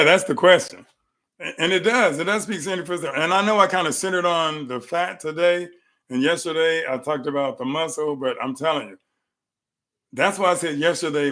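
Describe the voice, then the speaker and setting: A middle-aged man hosts a live health talk from his clinic room, his voice sitting a little high for a man. He tells animated stories and repeats phrases to drive his points home.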